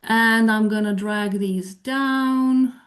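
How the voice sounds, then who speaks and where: A woman giving a conference talk with a live software demo, explaining her points while thinking aloud and correcting herself as she goes. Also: on the high side, slow pace. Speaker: presenter on medical English teaching.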